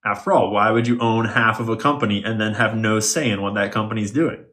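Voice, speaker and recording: A man's voice: on the low side, brisk, a bit bright. A man giving an explainer monologue as an online commentator, with a wry, conspiratorial manner and sarcastic asides.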